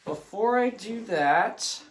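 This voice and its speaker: A man's voice: high voice, animated, takes it slowly, noisy background. A man teaching a phonics lesson, patient and encouraging, checking in often with "okay?".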